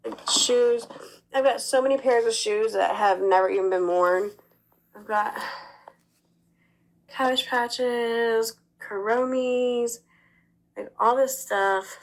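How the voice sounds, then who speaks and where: A woman's voice: a little high, slow pace, long pauses, rough recording. A woman chatting casually on a livestream, rambling with lots of fillers, sick with a cough. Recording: clip played inside a commentary video.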